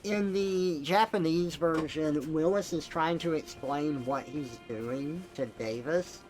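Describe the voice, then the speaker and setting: A man's voice: a little high, slow, rough recording. Chatty man streaming a game, music behind. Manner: chatty, rambling with many fillers and laughs. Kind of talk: casual chat while gaming.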